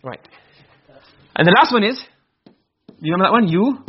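Brisk, husky-voiced male teacher, on a muffled lo-fi recording, drilling students with questions. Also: high-pitched, big pitch swings. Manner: quizzing students with quick questions. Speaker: Arabic grammar teacher. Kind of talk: classroom lesson.

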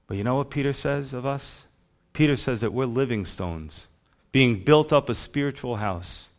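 A man's voice: medium pitch, moderate pace. A man preaching a sermon as a pastor, emphatic, with rhythmic lists.

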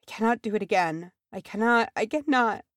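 A woman's voice: medium pitch, a little fast, dry recording, clean studio sound, voice pushed up, close to an everyday voice. A woman voicing a grief-worn female dwarf who mutters in despair.

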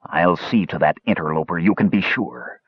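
Guy doing a whispery dead old wizard, flat and cold, low and breathy, kinda muffled audiobook. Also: normal speed, dry recording. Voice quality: whispery, dry rustling speech. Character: old male wizard's ghost, cold, expressionless.

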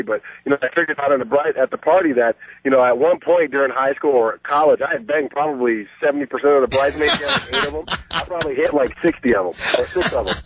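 A brash, boastful middle-aged man calling in to a radio show and telling a long story. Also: fairly high pitch. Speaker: caller. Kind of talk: phoned-in storytelling. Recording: muffled phone line.

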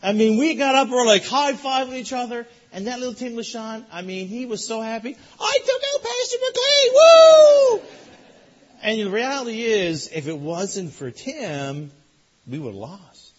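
A man preaching a sermon as a pastor, telling a lively story that builds in excitement. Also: high-pitched, normal speed, lo-fi sound. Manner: animated storytelling, rising loud in excitement.

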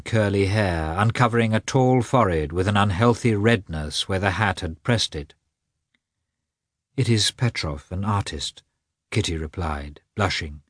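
A man narrating a classic novel as an expressive audiobook reader. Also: sits low, dry recording, clean studio sound. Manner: expressive, varied reading. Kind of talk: scripted narration.

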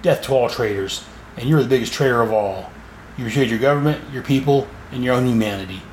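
A man's voice: medium pitch, fast talker, a little mellow, a little hiss or hum, lightly acted. A man reading out a male archer's cold, accusing lines in a plain voice, in an echoey room. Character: sneering male archer soldier, adult. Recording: echoey room, faint ambience.

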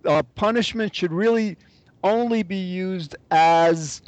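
A man's voice: sits high, takes it slowly, no echo. A man in a casual podcast discussion, agreeable, restarting often and using fillers. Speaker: podcast guest.

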